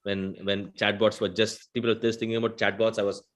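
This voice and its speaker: A man's voice: fairly low pitch, level tone, a little fast. South Indian man explaining on a panel. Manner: explanatory, often adds a questioning "right?". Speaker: conversational AI vendor panelist. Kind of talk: panel discussion.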